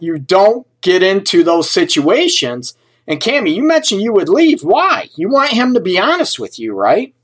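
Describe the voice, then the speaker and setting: A man's voice: sits high, slightly rough. A man working as a relationship coach, talking on a live stream and answering viewers' comments by name, chatty and often laughing mid-sentence.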